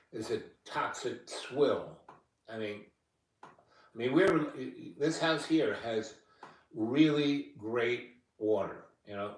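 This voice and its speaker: A man talking at length in casual chat, reassuring and lecturing by turns, recorded in a room of a house. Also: mid-range voice. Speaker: guest. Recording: echoey room, far from mic.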